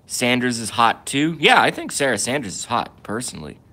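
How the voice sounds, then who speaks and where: A man's voice: mid-range voice, big pitch swings, brisk, hardly any pauses, sharp tone, husky. A young adult man hosting a solo livestream rant. He rambles in stop-start bursts full of restarts and asides, and reads viewer comments aloud and answers them. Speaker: livestream host.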